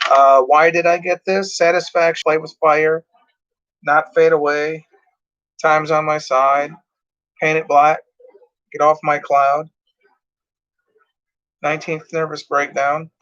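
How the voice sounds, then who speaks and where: A man's voice: on the high side, flat delivery, slow, pauses often, fairly bright tone, lo-fi sound. A tired, yawning man rambling casually as he reads out track lists from his cassette tapes. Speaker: music collector reviewing cassette tapes.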